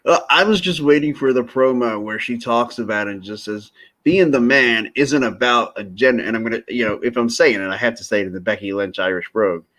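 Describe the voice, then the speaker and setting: A man's voice: on the low side, fast, few pauses, a bit bright. A man co-hosting a podcast, talking casually and jokingly, with lots of restarts and asides. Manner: rambling, jokey, lots of restarts. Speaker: podcast co-host. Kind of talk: casual wrestling chat.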